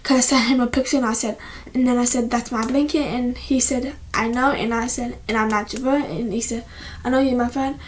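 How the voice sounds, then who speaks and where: A woman's voice: a little high, steady tone, brisk, slight background noise. A teenage girl chatting casually at home, rambling with many restarts and often dropping to a whisper. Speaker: vlogger. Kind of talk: casual chat. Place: at home, indoors.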